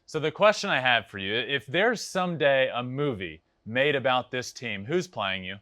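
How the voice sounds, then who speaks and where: A young man hosting a podcast, chatting casually and telling animated, laughing stories. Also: medium pitch, moderate pace, no echo, clean studio sound. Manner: animated storyteller, laughs often. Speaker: podcast host. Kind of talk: casual interview chat.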